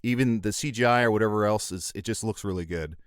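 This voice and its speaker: A man chatting as a podcast guest, telling playful stories in an animated way, a little tipsy. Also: lowish voice, fast, smooth, no room sound, studio quality. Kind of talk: casual chat.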